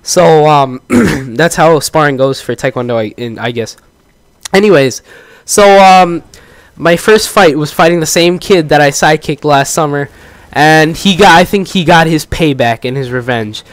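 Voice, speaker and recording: A teenage guy chats through a long personal story, stumbling over his words and piling on fillers. His voice sits a little high. It is recorded close and dry, with no room sound. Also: moderate pace, dry recording. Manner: rambling, lots of fillers and restarts. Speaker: gaming channel host. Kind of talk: casual storytelling commentary.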